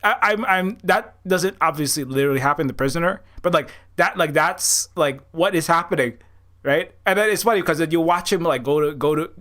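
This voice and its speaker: A man's voice: fairly high pitch, a little fast, a bit bright. Rambling man in casual commentary. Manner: rambling, many restarts and fillers, laughs at own jokes. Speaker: video creator.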